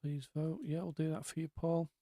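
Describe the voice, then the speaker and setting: A man's voice: fairly high pitch, level tone, normal speed, dark tone, no echo. A man hosting a casual live-stream chat, rambling along with lots of ums and asides.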